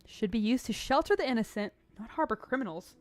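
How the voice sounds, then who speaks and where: A woman's voice: on the high side, animated, a little fast, dry recording, pitched below the performer's own voice, natural voice. A woman voicing a cruel male enforcer of an inquisition who speaks in a formal, pious, menacing way. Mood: stern.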